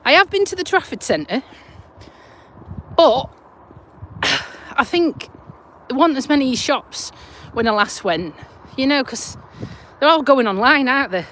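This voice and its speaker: A woman's voice: high voice, sing-song, measured pace, long pauses, a bit bright, slight background noise. A woman in her forties from the UK, chatting and rambling on a live stream while walking her dog outdoors, talking into a phone. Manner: chatty, rambling, laughs easily. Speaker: vlogger. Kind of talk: casual live-stream chat.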